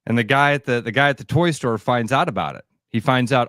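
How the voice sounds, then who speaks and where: In a radio studio, a middle-aged man co-hosts a sports talk show, trading casual banter and sometimes dropping into comic voices as he retells a story. He sounds animated, with a medium-pitched voice and a brisk pace. The studio sound is clean, with no room echo.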